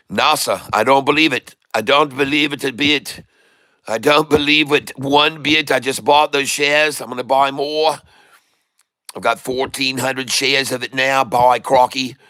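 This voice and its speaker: A middle-aged man hosting a live day-trading stream, giving excited running commentary and calling out to his viewers as "folks.". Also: mid-range voice, clean tone, no room sound, clean studio sound.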